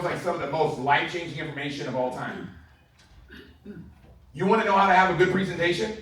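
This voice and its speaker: A man giving an energetic, enthusiastic sales training talk to a room, laughing often between points. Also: a little high. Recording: very echoey room heard from far off.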